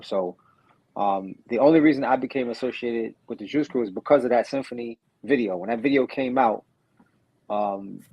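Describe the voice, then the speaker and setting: A man, a rapper, being interviewed and recounting in a measured way, with frequent restarts. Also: mid-range voice, slightly rough, dull audio.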